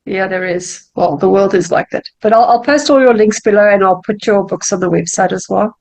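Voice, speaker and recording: A woman's voice: medium pitch, fairly quick, darkish tone, low-quality recording. A woman hosting a casual interview, answering with short affirming replies. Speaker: interview host.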